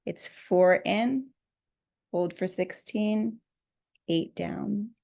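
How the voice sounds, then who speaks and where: Female meditation teacher, gentle guiding delivery, mid-range voice with some vocal fry. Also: medium pitch, extremely slow. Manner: soft, gently guiding, laughs at herself. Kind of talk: guided meditation instruction.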